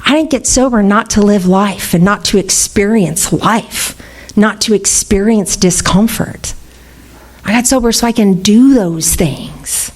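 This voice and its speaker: A woman's voice: medium pitch, a little slow. Candid woman telling her recovery story. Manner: candid, laughing, swearing freely. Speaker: recovery meeting speaker. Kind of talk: personal recovery talk. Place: meeting room.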